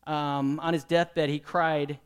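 A man preaches a sermon in a slightly raised, lightish voice. He speaks as a pastor, pausing to quiz his listeners and leading them in call-and-response. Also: a little high, level tone, clean tone. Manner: questions the congregation and leads call-and-response.

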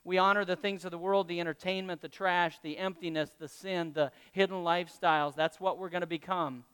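A man's voice: high-pitched, fairly even intonation, a little fast, fairly bright tone, clear, resonant tone, in a large hall. A male pastor preaching a sermon to his congregation, talking conversationally and tossing questions to the room. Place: church hall with congregation.

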